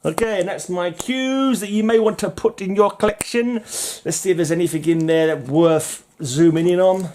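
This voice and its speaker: Sitting high in pitch with a darkish tone, this comic book collector talks at a normal speed with few pauses. His casual channel chat wanders from point to point, full of jokes and giggles.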